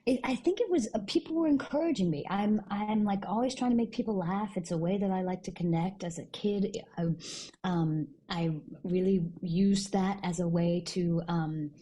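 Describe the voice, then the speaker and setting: Husky lower-voiced woman, animated storyteller, laughs a lot. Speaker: guest, stage actor. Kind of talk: casual podcast chat.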